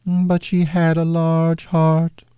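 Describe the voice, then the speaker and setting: A delicate spirit speaks in a raised, airy voice, put on by a man reading a storybook. It lingers gently over each phrase, sounding wistful and otherworldly. The recording is close and dry. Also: a little high, monotone, slow, clean tone, no echo, lo-fi sound, pitched above the performer's own voice. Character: high, delicate ghost of the past.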